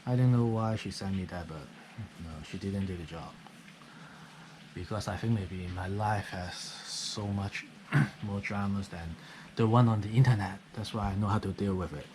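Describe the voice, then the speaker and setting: A man's voice: fairly low pitch, moderate pace, background noise. A man, talking in a casual, rambling vlog monologue and often tagging "okay?" onto his sentences. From Hong Kong. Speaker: vlogger. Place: guest house on a rainy night. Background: rain.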